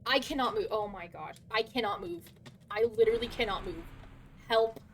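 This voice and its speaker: A woman's voice: on the high side, normal speed, a bit bright, slight background noise. A woman streaming a game, chatting casually, flustered and swearing as she talks. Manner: swearing, flustered, laughing often.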